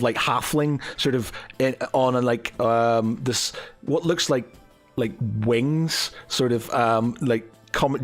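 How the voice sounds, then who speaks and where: A man narrating a tabletop game as game master, hesitant and full of fillers. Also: mid-range voice. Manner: hesitant, filler-heavy, rambling.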